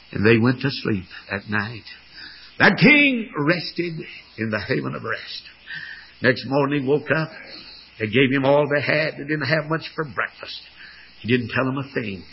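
An older man preaching a fervent storytelling sermon, with a raspy voice. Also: mid-range voice, animated, measured pace, lo-fi sound.

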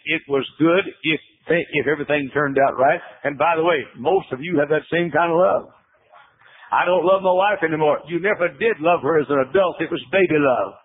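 Man, preacher, sermon, husky, slightly high voice, tinny phone-like radio sound. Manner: folksy storytelling, drops to low hushed tones.

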